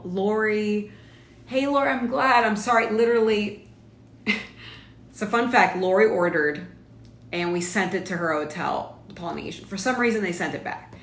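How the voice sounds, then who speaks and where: A woman's voice: lowish voice, fairly bright tone. A young woman hosting a casual live stream from home, chatting and reading viewer comments aloud. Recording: echoey room with faint background noise.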